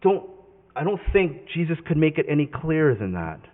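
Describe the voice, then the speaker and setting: A man's voice: on the high side, very animated, normal speed. A male pastor preaching a sermon in a conversational, emphatic way, often correcting himself mid-sentence. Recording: tinny phone-like sound with long hall reverb.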